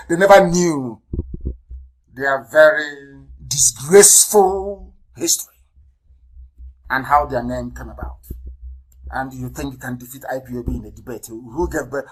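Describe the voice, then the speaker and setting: A man from Nigeria, giving an impassioned radio address as a movement leader. He repeats phrases, spells words out letter by letter, and swings between loud outbursts and low, quiet asides. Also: poor audio.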